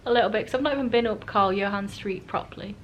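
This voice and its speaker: A woman's voice: medium pitch, quick pace, highs cut off, slight background noise. Woman vlogger rambling about her trip day, chatty and a bit self-mocking, talks to camera. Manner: chatty and self-mocking, acting out what people said. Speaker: travel vlogger. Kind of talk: casual storytelling to camera. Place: holiday rental flat.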